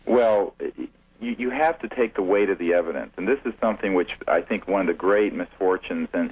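A very deep, husky male voice comes through a thin, tinny phone line. He talks slowly and carefully, halting often with fillers and repeated starts as he builds his case on a radio show. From United States. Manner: deliberate, halting with many fillers and restarts. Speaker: UFO researcher guest. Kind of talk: radio interview.

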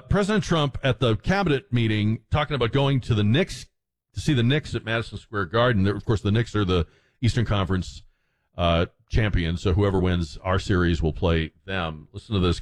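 A man hosting a talk radio show, delivering an animated, indignant and sarcastic monologue. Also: on the low side, moderate pace.

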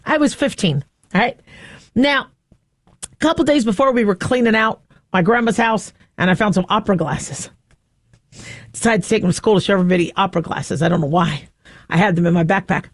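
A woman in her fifties hosting a monologue, an animated storyteller who acts out the people in her anecdotes. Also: fairly high pitch, no echo, clean studio sound.

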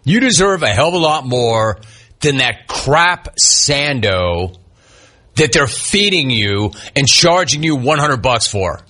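A man's voice: mid-range voice, big pitch swings, slow, pushed and bright. Ranting sarcastic sports radio man. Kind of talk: heated sports talk monologue.

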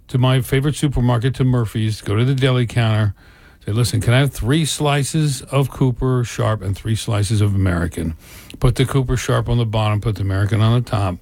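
A man's voice: mid-range voice, a little mellow, no room sound. An older man co-hosting a radio talk show, chatting casually in a rambling way with many restarts and asides. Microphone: studio microphone.

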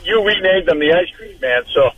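A man's voice: high-pitched, lively intonation, normal speed, lo-fi sound. Male caller, rambling chuckling storyteller, slight background noise. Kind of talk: call-in radio chat.

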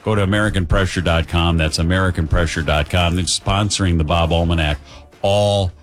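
A man with a low voice hosts a radio show, trading easygoing jokes and sliding into sponsor reads. Faint music plays underneath him. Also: fairly even intonation, fast. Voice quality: jokey, easygoing. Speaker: radio host. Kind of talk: morning radio banter with ad reads.

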